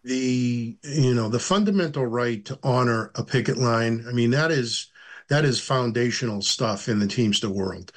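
A middle-aged man, a union director, answering interview questions in a halting way with many fillers. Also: mid-range voice.

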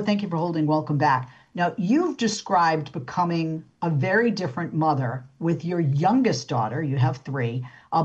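Low-voiced middle-aged lady hosting an interview show, lots of ums and restarts. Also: muffled recording. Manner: chatty, frequent fillers and restarts. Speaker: radio talk show host.

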